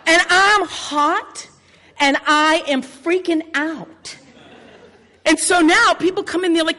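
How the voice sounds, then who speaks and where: A woman's voice: very high voice, slow pace, sharp tone. A woman telling a personal story live, brash and swearing freely as she acts out scenes. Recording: long hall reverb.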